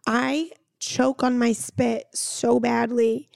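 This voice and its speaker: Raspy hoarse woman podcast co-host. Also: on the high side, little pitch movement, takes it slowly, a little mellow, no room sound, clean studio sound. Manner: casual, swears freely, storytelling. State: hoarse, lost voice. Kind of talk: casual chat.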